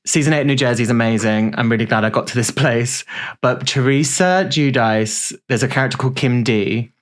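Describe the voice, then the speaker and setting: A man's voice: mid-range voice, fairly quick. Playful rambling male podcast host. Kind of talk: casual chat.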